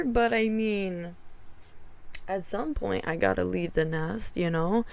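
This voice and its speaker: A young woman vlogger retelling a family argument in a storytime vlog, exasperated and animated, acting out both sides of the quoted dialogue. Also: medium pitch, slow, creaky.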